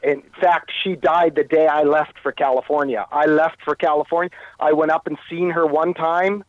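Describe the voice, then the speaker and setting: A man recounting a personal story as an interview guest, halting and often repeating his words. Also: a little high, steady tone, no echo, narrow, tinny audio. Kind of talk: telling a personal story in conversation.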